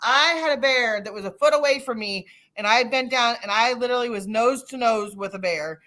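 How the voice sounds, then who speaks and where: A middle-aged woman hosting a casual chat, telling an animated story with many restarts and fillers. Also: a little high, fairly quick. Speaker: host.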